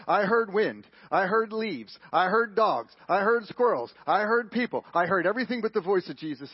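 High-voiced preacher with husky sound. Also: male voice, expressive, fairly quick, hardly any pauses, no echo. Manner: emphatic, swinging from loud questions to hushed lines. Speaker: pastor. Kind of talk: sermon. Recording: dull lo-fi broadcast audio.

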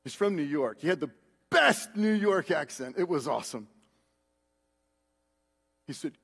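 A man preaching a sermon, moving between hushed, slow words and loud, drawn-out exhortation. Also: on the high side, lively intonation, vocal fry, breathy edge. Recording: long reverb of a large hall.

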